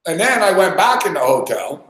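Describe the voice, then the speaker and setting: A man's voice: high-pitched, big pitch swings, fairly quick, fairly bright tone. A man rambling through a crude story, swearing constantly and stuffing his sentences with fillers. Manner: rambling, profane, lots of "like" and "fucking". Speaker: podcast host. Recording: echoey room.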